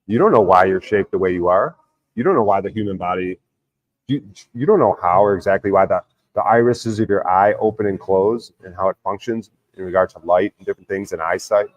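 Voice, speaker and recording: Deep-voiced man ranting on a livestream. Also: fairly quick, no room sound, muffled recording. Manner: argumentative, insistent, swears a lot. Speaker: livestream host reading chat. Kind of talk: casual profane livestream rant.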